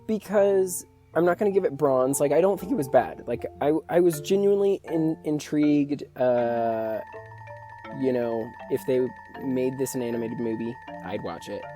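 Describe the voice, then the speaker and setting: Co-host, mellow, rambling, self-deprecating book club chat over faint music. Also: mid-range voice, normal speed. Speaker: podcast co-host.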